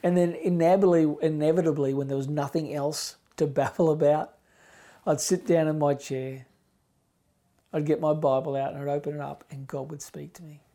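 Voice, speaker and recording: A middle-aged man preaching a sermon as pastor, impassioned, moving between loud emphasis and hushed near-whispers. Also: a little high, steady tone, moderate pace.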